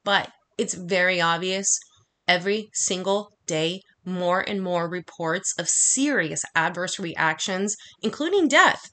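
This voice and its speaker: A woman's voice: lowish voice, pushed and bright. Fiery, foul-mouthed woman ranting. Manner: heated, swearing constantly, rapid rant. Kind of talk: angry profane monologue.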